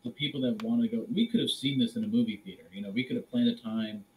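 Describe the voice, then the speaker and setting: A man's voice: medium pitch, fast talker, a little mellow, slight background noise, rough recording. A man co-hosting a podcast in casual chat, talking hesitantly with lots of fillers and restarts. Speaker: podcast co-host.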